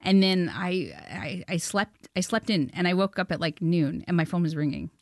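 Young woman from canada spilling an excited story, dry close mic. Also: lowish voice, normal speed, no room sound. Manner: excited, laughing, acts out dialogue. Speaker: filmmaker guest. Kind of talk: casual storytelling in an interview.

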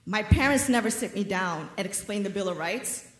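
A woman's voice: mid-range voice, lively intonation. Wry woman telling a story on stage. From New York. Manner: wry, measured storytelling with dry humor. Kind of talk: live personal storytelling. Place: theater stage. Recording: roomy theater reverb.

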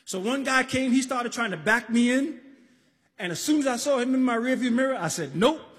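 A man from the Bronx telling a story on a live stage, animated, acting out voices and shouting at times. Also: very high voice, a little fast. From the Bronx, New York. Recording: live stage recording in a reverberant hall.

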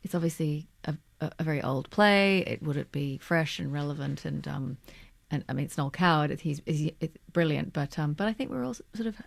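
A woman from Australia, a stage actor being interviewed, talking in a halting way with frequent restarts. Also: low-pitched, gravelly, no room sound. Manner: halting, hesitant, with many restarts. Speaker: guest actor. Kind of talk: casual interview talk.

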